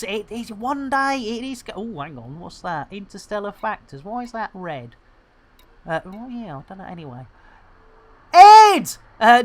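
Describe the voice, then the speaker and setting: A woman's voice: medium pitch, sharp tone. A middle-aged British woman streaming a game, chatting with viewers in jokey, slangy banter. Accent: British English. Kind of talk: casual live commentary while playing.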